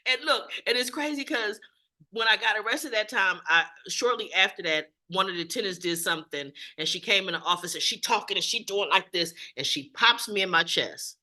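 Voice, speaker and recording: Bright-voiced woman facilitator telling her story. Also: medium pitch, fairly quick. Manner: animated, self-mocking storytelling with laughs. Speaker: group facilitator. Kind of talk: candid group share.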